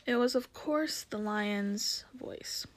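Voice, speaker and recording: A woman reading a storybook aloud, calm and measured. Her delivery is gentle and unhurried, with the odd small slip she corrects as she goes. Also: mid-range voice. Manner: measured, gentle, occasional slips. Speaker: reader.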